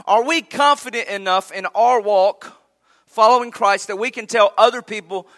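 Middle-aged pastor, bright forceful tone, folksy storyteller from the pulpit. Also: male voice, high voice, moderate pace. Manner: folksy, storytelling with rising emphatic peaks. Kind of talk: sermon.

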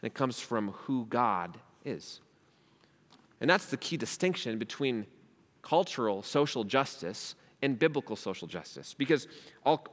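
A man's voice: mid-range voice, fairly bright tone, long reverb tail. Emphatic young male pastor preaching. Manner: emphatic, asks rhetorical questions. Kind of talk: sermon. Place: church hall.

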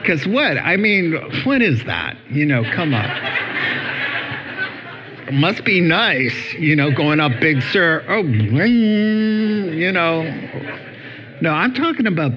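A middle-aged pastor preaching to a congregation, lively and humorous in a conversational way. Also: male voice, fairly high pitch, slow pace, long pauses, dull audio, a crowd in the background. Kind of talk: sermon. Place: church hall before a congregation.

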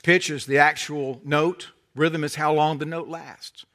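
Southern preacher, middle-aged man, high bright tone, folksy animated sermon delivery. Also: measured pace. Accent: Southern American. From North Carolina. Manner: animated storytelling, folksy humor, drops to soft intensity.

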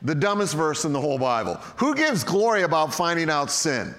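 Animated high-voiced man preaching. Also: brisk. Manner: animated, jokey, conversational. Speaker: pastor. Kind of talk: sermon. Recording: long hall reverb.

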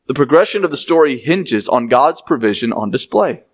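A man's voice: mid-range voice, lively intonation, normal speed. A man, preaching a sermon as he reads scripture aloud and explains it, with conversational asides to the congregation.

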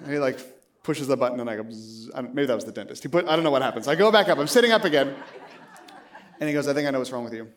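A man's voice: medium pitch, racing. A man in his late thirties preaching a sermon, telling stories with lots of animation, acting out both sides of a dialogue and laughing often while he talks. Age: late 30s. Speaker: pastor.

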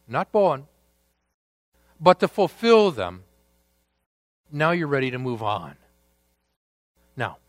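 Slow, deliberate man preaching a sermon. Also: a little high, a bit bright, no room sound. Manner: deliberate, with dramatic pauses and emphatic rises. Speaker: pastor.

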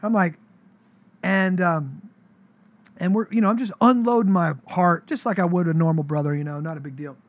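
A pastor in his thirties telling a story in casual chat, animated and slangy, acting out the voices in his dialogue. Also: sits high, normal speed, no room sound.

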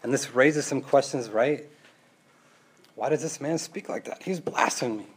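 A man preaching a casual sermon, full of rhetorical questions and tag questions, moving between loud emphasis and quiet asides. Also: medium pitch, measured pace, slightly rough. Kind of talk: conversational sermon.

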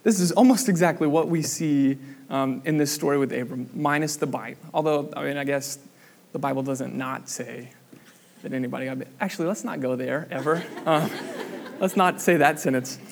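A young man with a fairly high voice preaching a sermon. He talks in a loose, chatty way with plenty of ums and likes. He acts out the voices in his stories loudly. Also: normal speed, creaky, a little hiss or hum. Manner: casual storytelling with many fillers, acts out quoted voices loudly. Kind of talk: sermon with a personal story.

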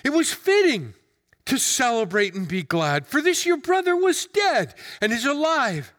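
A man's voice: very high-pitched, sing-song, a little slow, fairly bright tone, heavily acted. A man reading the lines of a forgiving elderly father welcoming his son back, in a tender, pleading manner. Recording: long hall reverb.

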